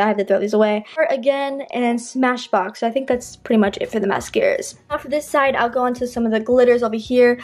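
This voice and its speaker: Chatty teenage girl with a tired throat. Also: fairly high pitch. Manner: chatty, rambling, with many ums and self-corrections. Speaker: beauty vlogger. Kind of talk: casual makeup collection tour.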